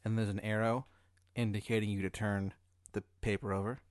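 Deadpan man spinning a comic scenario. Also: fairly low pitch, brisk, dry recording, studio quality. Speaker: podcast host posing hypotheticals. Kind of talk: casual comedic storytelling.

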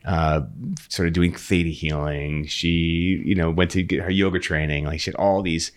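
A man as a podcast guest, telling an earnest, animated story in casual conversation and often repeating words as he restarts a thought. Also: deep voice, normal speed.

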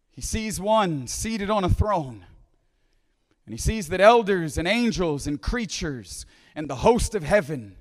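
A man preaching a conference sermon, repeating phrases and asking "right?", dropping to a hush when he quotes scripture. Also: high voice. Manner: repeats phrases, restarts, "right?" asides, drops to hushed quoting. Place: large conference hall. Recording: reverberant hall.

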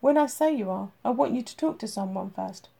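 A woman voicing a calm, firm male doctor who will not let his patient leave, in an audiobook reading. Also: fairly high pitch, brisk, creaky, husky, heavily acted.

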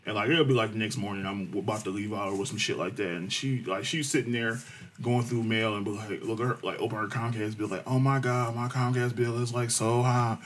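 A man telling a profane, animated story in casual chat, acting out the people he quotes. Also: lowish voice, quick pace, slight background noise.

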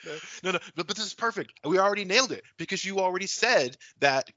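A man co-hosting a casual podcast, pitching remake scenes and acting out bits of dialogue. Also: animated, fast, sharp tone, no room sound, lo-fi sound. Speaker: podcast co-host. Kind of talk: casual movie-remake brainstorming chat.

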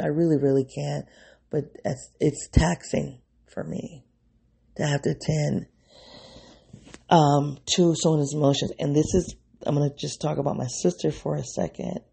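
A podcast host with a mid-range, creaky voice that's warm and slightly rough delivers a reflective solo monologue. He thinks aloud, rambling and interrupting himself while addressing listeners directly.

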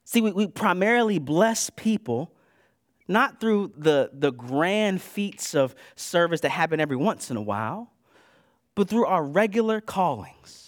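A man preaching a sermon in a casual, conversational way, moving between loud bursts and hushed asides. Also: sits high, lively intonation, a little slow, dry recording, studio quality. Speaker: pastor.

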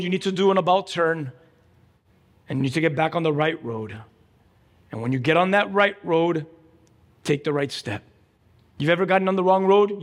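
A man preaching a sermon, emphatic and energetic, telling a story with lively quoted voices. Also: high voice, in a large hall. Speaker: pastor.

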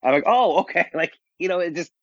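A man's voice: on the high side, steady tone, dry recording. Blunt comedian man, dull lo-fi podcast mic. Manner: blunt, self-deprecating, quick to get defensive. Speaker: stand-up comedian and podcaster, guest. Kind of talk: candid podcast storytelling.

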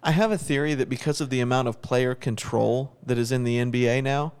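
A man's voice: mid-range voice, brisk, smooth. A man co-hosting a podcast in casual chat, giving opinions and restarting words as he thinks. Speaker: podcast co-host.

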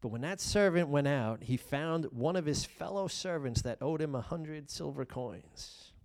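A man preaching a sermon as pastor, reading scripture and explaining it, swinging between loud emphasis and hushed asides. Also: a little high, lively intonation, measured pace.

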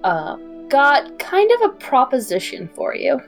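A woman playing in a tabletop game, playful and quick to laugh. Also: high voice, huge pitch swings, faint music behind. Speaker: player. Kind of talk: tabletop role-play chat.

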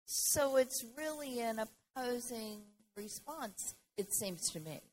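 A woman in a Bible study group reads verses aloud slowly and with care. She takes her time over each phrase, and a faint noise sits in the background. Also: fairly high pitch, lively intonation, a little mellow. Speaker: Bible class member.

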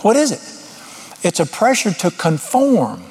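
A man's voice: high voice, wildly swooping pitch, takes it slowly, darkish tone. A middle-aged man preaching an informal sermon, folksy and blunt, with sudden emphatic rises.

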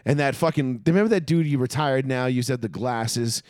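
A man's voice: medium pitch, a little fast, dry recording. Profane ranting man, dry mic. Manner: profane, ranting, animated storytelling. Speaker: podcast co-host. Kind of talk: casual sports chat.

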